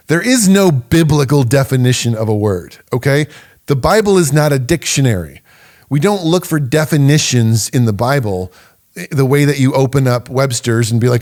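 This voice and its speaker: A man's voice: mid-range voice, animated, moderate pace, a little mellow. A man hosting a podcast, giving an emphatic, conversational teaching monologue and laughing now and then. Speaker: podcast host.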